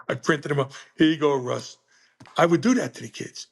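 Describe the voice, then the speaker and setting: A man's voice: normal speed, gravelly, breathy edge. An older man, a teacher and coach, telling classroom stories and acting out the dialogue in a jokey way. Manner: acts out dialogue with jumpy pitch, jokey. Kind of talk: animated storytelling.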